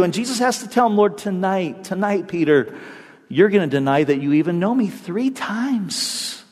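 Delivering a sermon in a big-sounding room, this pastor speaks at normal speed in a high voice. His storytelling is animated, and he performs each quotation in a different voice.

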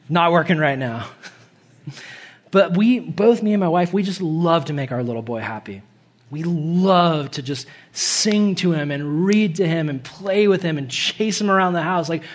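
A man in his thirties preaching in a relaxed, chatty way, his voice sitting a bit higher than most men's. He laughs easily between thoughts and goes soft and hushed when the point turns tender. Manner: conversational, laughs often, drops soft and quiet at tender moments. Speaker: pastor. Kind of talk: casual sermon.

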